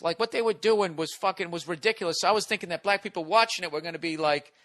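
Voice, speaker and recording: A man in his forties talks into a close, dry studio mic in a bright, forceful voice that sits a little high for a man. He rambles and swears his way through a comedic podcast monologue, reading listener letters aloud while on cold medicine. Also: no echo. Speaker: podcast host.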